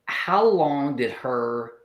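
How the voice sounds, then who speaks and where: A woman's voice: very deep voice, expressive, very slow, echoey room, poor audio. A woman joining a casual true-crime chat with wry, amused remarks.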